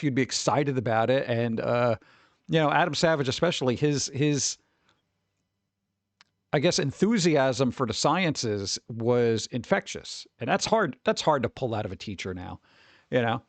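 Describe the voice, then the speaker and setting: A man's voice: medium pitch, lively intonation, a little slow, dry recording. A young adult man, hosting a stream, rants in a casual, profane chat and acts out the voices he quotes. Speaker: streamer host.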